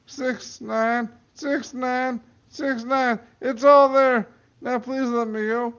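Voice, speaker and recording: A man voicing a loud male crook who yells, swears and begs. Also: sits high, level tone, a little slow, clean tone, muffled recording, voice pushed up. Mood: frantic, yelling. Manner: shouting, pleading, swearing. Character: loud panicking male pizza-shop crook.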